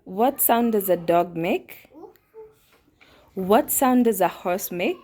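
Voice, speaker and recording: A woman's voice: mid-range voice, expressive, slow, mellow. A woman, a mother and host, patiently asking her young child simple questions one at a time. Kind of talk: teaching a young child at home.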